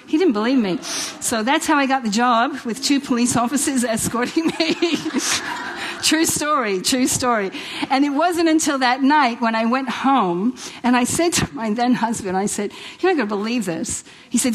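A middle-aged woman from New York with a New York accent, giving a lively personal testimony at a women's church event and acting out the dialogue in her stories. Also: mid-range voice, husky, poor audio. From Queens, New York. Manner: lively storyteller who acts out quoted dialogue and laughs often.

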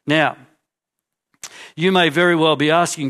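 A man preaching a sermon, telling a story vividly and dropping into quiet asides as he acts out the crowd. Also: on the high side, moderate pace, long pauses. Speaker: pastor.

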